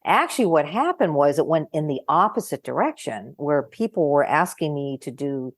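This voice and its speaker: An older woman psychologist chatting over a video call, telling animated stories, acting out quoted voices and laughing often. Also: low-pitched, moderate pace, no room sound, studio quality. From California. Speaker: guest psychologist. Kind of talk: casual conversation.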